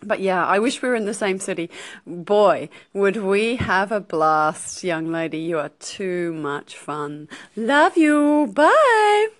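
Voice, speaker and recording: A woman's voice: on the low side, measured pace. A woman leaving a casual, gushing call-in message for a friend. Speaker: caller.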